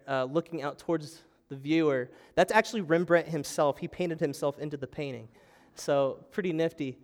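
Lively young-sounding pastor preaching. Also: male voice, on the high side, smooth. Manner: animated storytelling preacher, acts out panicked voices. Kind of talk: sermon. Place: church sanctuary.

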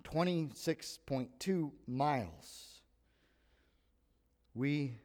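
A man preaching a sermon with animated delivery, acting out the voices he quotes. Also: fairly high pitch, unhurried. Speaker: pastor. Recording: long hall reverb.

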